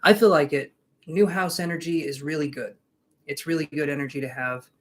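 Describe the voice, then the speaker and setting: A tarot reader on a live stream, this man has a fairly high voice and speaks a little fast, with a slight hiss or hum in the audio. He chats casually with viewers, jokey and reassuring as he gives readings.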